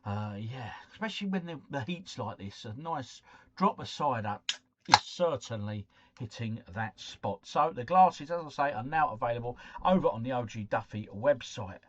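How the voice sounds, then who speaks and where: A man's voice: mid-range voice, animated, moderate pace, a bit bright, no echo, muffled recording. Chatty man hosting a live stream. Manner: chatty, reads out viewer comments and greets them by name. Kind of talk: casual live stream chat. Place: at home, drinking cider.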